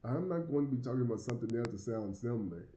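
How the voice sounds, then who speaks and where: Southern American man with a lisp, deep mellow voice. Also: expressive, very fast, roomy sound, highs cut off, slight background noise. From United States. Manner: rambling, repeats words, chuckles often. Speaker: vlogger living abroad. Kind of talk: casual talk to camera.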